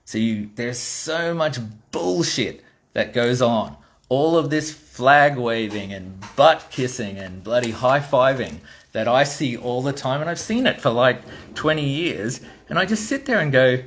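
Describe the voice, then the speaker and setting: A man's voice: mid-range voice, lively intonation, measured pace. Australian man, middle-aged, blunt, exasperated, swearing, ranting toy designer. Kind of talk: ranting monologue.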